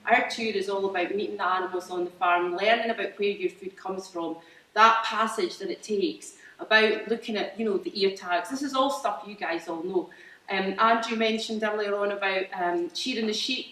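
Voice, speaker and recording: A Scottish woman farmer gives an informal presentation about her farm business, chatty and enthusiastic, full of fillers and restarts. Her medium-pitched voice is a bit bright at normal speed, picked up by a distant mic in a roomy hall.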